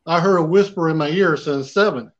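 A man's voice: on the high side, brisk, dull audio. A man, a paranormal investigator, telling his own story in plain, colloquial speech. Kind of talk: casual storytelling.

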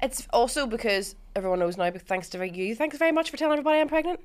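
A woman, a comedian guest on a podcast, telling quick stories and laughing a lot. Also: fairly high pitch, lively intonation. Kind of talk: casual chat.

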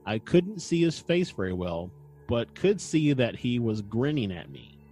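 A man's voice: medium pitch, very animated, a little slow, warm tone, faint music behind. A man hosting a casual podcast, recounting events with dry humor and frequent fillers. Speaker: podcast host. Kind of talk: casual chat and storytelling.

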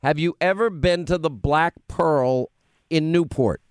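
A man with a faint New York accent hosts a radio talk show, bantering quickly with his crew. His voice is smooth and clear, a touch high for a man, and sits close and dry on the studio mic. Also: dry recording. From Long Island, United States. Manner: chatty, bantering, quick asides. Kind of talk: casual radio chat.

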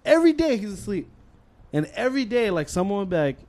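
A man's voice: sits high, fast. A young man co-hosting a podcast, telling a school story in casual chat, swearing a lot and acting out the voices of the people in it. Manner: animated storytelling, heavy swearing, acts out voices. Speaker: podcast co-host.

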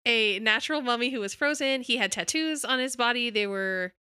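A woman co-hosting a casual podcast, talking in an excited, chatty way. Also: on the high side, brisk, clean tone, no echo, studio quality. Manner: excited, talkative. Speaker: podcast co-host.

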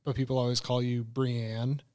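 A man joining a casual chat, relaxed and easygoing in how he talks. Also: mid-range voice, a little fast.

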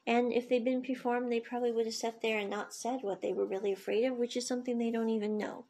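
A woman with a gravelly, husky voice talks casually through scenes from a drama series. Her tone stays mellow and dark as she retells what the characters say, with plenty of fillers along the way. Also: on the high side, fairly even intonation, fast talker. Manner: chatty, retells scenes with quoted lines, frequent fillers. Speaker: series reviewer.

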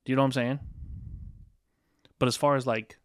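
A man's voice: medium pitch, fairly even intonation, fairly quick, dry recording, studio quality. A man co-hosting a podcast, telling a dating story casually and acting out both sides of the dialogue, with some swearing. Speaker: podcast co-host.

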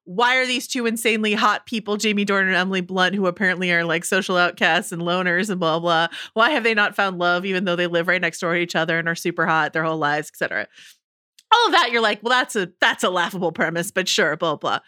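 Bright-voiced woman, laughing podcast co-host. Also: on the low side, fast, clear, resonant tone, dry recording, studio quality. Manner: enthusiastic, laughs often, swears freely. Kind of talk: casual chat.

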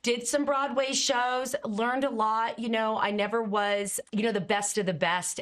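A middle-aged woman, a communication coach, telling her stories in an expressive, animated way and laughing now and then. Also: mid-range voice. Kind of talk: conversational storytelling.

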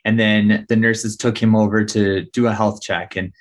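Low-voiced heartfelt new father. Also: little pitch movement, moderate pace. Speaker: father telling a family story. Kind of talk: personal storytelling.

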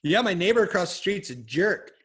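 A man's voice: high voice, sing-song, fairly quick, fairly bright tone, slightly rough. A man with a slightly raised voice tells loose, rambling stories in a casual chat. He swears freely and wanders off track. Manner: rambling, profane storytelling. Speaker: podcast guest.

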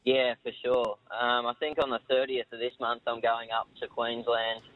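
Young Australian jockey on a phone line. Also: male voice, mid-range voice, level tone, moderate pace. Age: young adult. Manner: modest, hesitant, many ums. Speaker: jockey guest. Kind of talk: phone interview.

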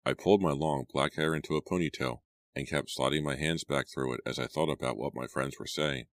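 A man narrating an audiobook in a very deep, low voice. His delivery is measured and even. The recording is close and dry, with no room sound. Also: no echo. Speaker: audiobook reader.

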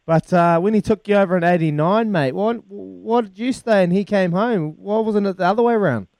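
A man's voice: sits high, a little fast, a little mellow, no room sound. A man, hosting breakfast sports talk radio with upbeat enthusiasm. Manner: upbeat, enthusiastic, hesitant when thinking. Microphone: studio mic.

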